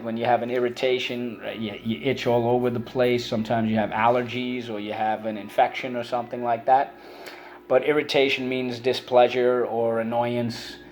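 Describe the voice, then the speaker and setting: A man teaching a phonics and vocabulary lesson to children, calling out words for them to repeat and explaining how to mark them up. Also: mid-range voice. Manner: energetic, calls out words for students to repeat.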